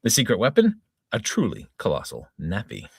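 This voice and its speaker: Middle-aged guy reading a silly news story aloud on a chill podcast, kinda husky, lots of up and down in his voice. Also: fairly low pitch, wildly swooping pitch, fairly quick, no room sound, studio quality. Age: 40s to 50s. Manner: stumbles and restarts over words, mock-dramatic newsreader tone. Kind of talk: casual read-aloud with tongue-in-cheek news delivery.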